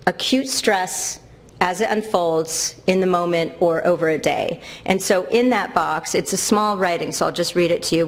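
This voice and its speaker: Lower-voiced woman giving a lecture. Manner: thoughtful, with frequent restarts and self-corrections. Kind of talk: academic lecture.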